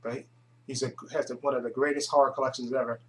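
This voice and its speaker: A man's voice: medium pitch, flat delivery, fast, a bit bright, poor audio. A man hosting his own video channel, chatting casually to camera with many hesitations and restarts. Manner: rambling, full of hesitations and restarts. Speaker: YouTube channel host.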